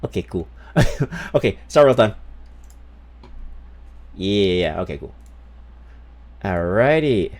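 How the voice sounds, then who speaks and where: A man's voice: fairly low pitch, sing-song, takes it slowly, long pauses, a little mellow. A man streaming a game, chatting casually to his viewers in a rambling, profane way with many restarts.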